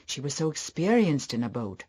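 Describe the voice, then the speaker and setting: A man's voice: on the high side, big pitch swings, moderate pace, dark tone, breathy edge. A man voicing an old, devoted butler in an audiobook, polite and deferential. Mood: respectful.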